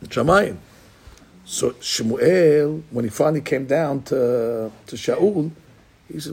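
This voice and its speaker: A man's voice: mid-range voice, animated, unhurried, gravelly, darkish tone, slightly rough. A middle-aged man, a rabbi, gives an informal Torah class, talking conversationally with digressions and many restarts.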